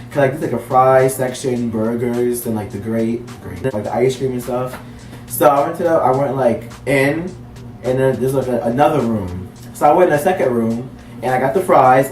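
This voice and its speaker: Young man, storytime vlog, rambling, set back from the mic, soft music underneath. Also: mid-range voice, recorded from a distance. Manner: rambling, heavy use of "like". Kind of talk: casual storytime. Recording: roomy, off-mic with faint music.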